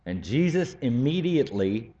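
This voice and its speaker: A man teaching a Bible study class, speaking slowly and deliberately and building to emphatic points. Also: medium pitch, very animated, dark tone. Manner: slow, deliberate, rising to emphatic. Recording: dull lo-fi recording.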